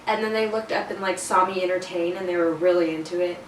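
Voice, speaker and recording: A woman's voice: fairly low pitch, steady tone, fast. A teenage girl telling a storytime in a chatty, casual way, full of fillers and self-conscious laughs. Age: teens. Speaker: vlogger. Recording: roomy, a bit distant, faint noise.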